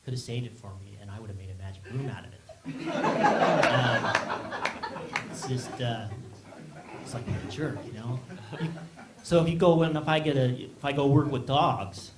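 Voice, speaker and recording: A man doing a stand-up set on a small theater stage, talking haltingly with many ums and restarts. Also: mid-range voice. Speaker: stand-up comedian. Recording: echoey room, loud background noise. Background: audience laughter.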